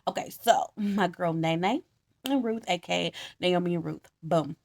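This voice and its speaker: A young woman telling a story in casual slang, animated, laughing often and acting out the quotes. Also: fairly low pitch, a little slow, creaky, dry recording. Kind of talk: casual comedic Bible retelling.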